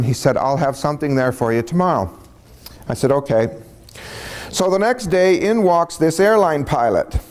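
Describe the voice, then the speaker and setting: A man's voice: mid-range voice, darkish tone. Folksy chuckling man telling a story. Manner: folksy, chuckling, acts out dialogue. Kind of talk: casual spoken storytelling.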